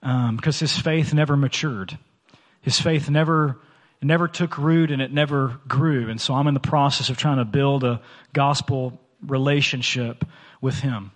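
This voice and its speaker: A man's voice: medium pitch, fairly even intonation, moderate pace, big-room sound. A man in his thirties preaching a sermon as a church pastor, talking in a conversational, earnest way with many fillers and restarts. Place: church sanctuary.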